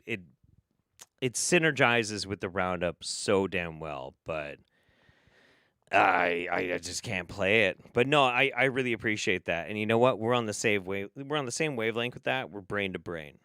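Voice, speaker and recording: A man's voice: lowish voice, animated, moderate pace, bright, forceful tone, clean tone, no room sound, studio quality. A man hosting a live stream, casually reacting to clips with laughter, swearing and rambling asides. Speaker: streamer host.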